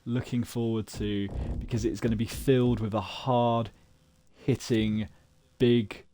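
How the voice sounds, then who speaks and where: A man streaming a wrestling video game, giving chatty, excitable commentary and predictions. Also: medium pitch, slow pace, a little hiss or hum. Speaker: gaming streamer. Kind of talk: casual live-stream commentary.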